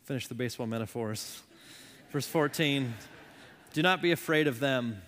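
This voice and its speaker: A man in his thirties preaching a sermon as a pastor, with impassioned delivery that rises loud and falls soft. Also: medium pitch, normal speed, a little hiss or hum. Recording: long hall reverb.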